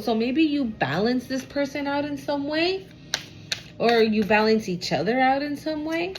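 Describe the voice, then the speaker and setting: A woman giving a casual tarot reading to camera. She is animated and expressive, swears freely and talks aloud to spirit. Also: high-pitched, measured pace, background noise. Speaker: tarot card reader.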